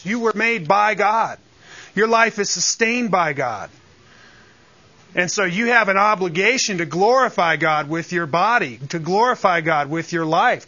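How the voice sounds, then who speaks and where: A man's voice: sits high, pushed and bright, lo-fi sound. A man preaching a sermon, earnest and emphatic, with asides to the congregation. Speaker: pastor.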